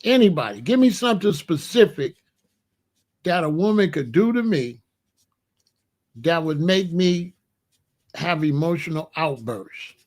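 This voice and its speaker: A middle-aged man talks casually on his livestream. His voice sits on the high side, and he is blunt, animated and colloquial as he keeps asking his chat for examples. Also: a little slow, pauses often. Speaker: livestream host.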